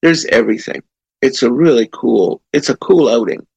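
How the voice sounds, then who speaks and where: A man hosting a music interview show, chatting in an easygoing, halting way. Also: mid-range voice, animated, vocal fry, darkish tone, husky, dry recording. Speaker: radio show host. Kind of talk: casual interview chat.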